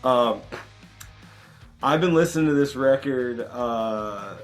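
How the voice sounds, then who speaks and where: An animated man telling a rowdy story with plenty of swearing and acted-out voices. His pitch sits in an ordinary middle range, and faint music runs underneath. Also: slow. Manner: animated, profane anecdote telling. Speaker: band member, interview guest. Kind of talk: casual storytelling.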